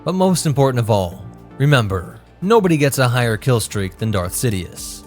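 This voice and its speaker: A man hosting a lore channel, giving brisk, informative scripted narration. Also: mid-range voice, very animated, faint music behind.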